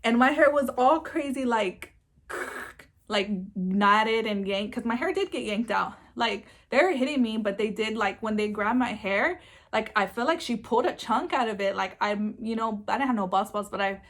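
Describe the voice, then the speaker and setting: A woman's voice: fairly high pitch, normal speed, a bit bright. A young woman chatting casually in a storytime vlog, laughing easily and filling her talk with "like" and "um". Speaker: vlogger.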